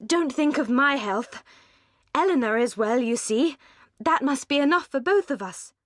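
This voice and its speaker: A woman's voice: fairly high pitch, animated, moderate pace, no room sound, studio quality. A woman voicing an ardent, impulsive young woman who speaks in emphatic, gushing outbursts in an audiobook. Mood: passionate.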